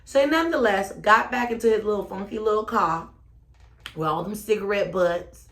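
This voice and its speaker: A woman telling a story, sassy and expressive, rising to loud exclamations and then dropping low. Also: moderate pace. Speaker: storyteller vlogger. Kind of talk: animated personal storytelling.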